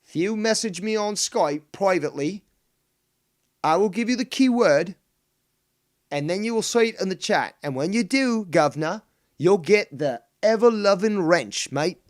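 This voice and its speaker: A man's voice: high voice, animated, pitched above the performer's own voice. A man putting on a cheeky mock Australian and cockney bloke, mixing the accents badly. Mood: mock boastful. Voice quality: exaggerated mixed accents, drawn-out shouting.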